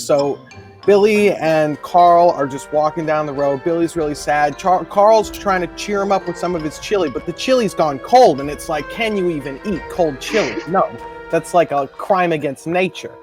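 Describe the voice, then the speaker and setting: A man improvises a rambling comic tale over a video call. His voice sits high for a man and stays animated. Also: normal speed, soft background music.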